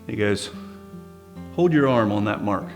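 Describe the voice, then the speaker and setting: Man telling a family story, low voice. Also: a little slow, vocal fry, faint music behind. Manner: relaxed, conversational, with small restarts. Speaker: grandson sharing a family memory. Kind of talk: interview storytelling.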